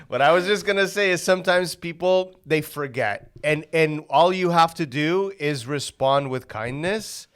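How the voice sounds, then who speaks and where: A man hosting a podcast in casual chat, talking in a calm, agreeable, measured way. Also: on the high side, smooth.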